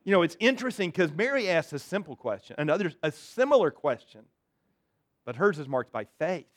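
Male pastor, sermon, high-pitched voice, conversational, animated retellings. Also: fairly quick, no room sound, clean studio sound. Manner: conversational, acts out quotes, repeats words.

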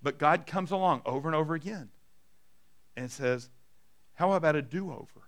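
At a normal speed, a middle-aged pastor delivers a sermon full of stories, letting his voice go soft and low for the quoted lines.

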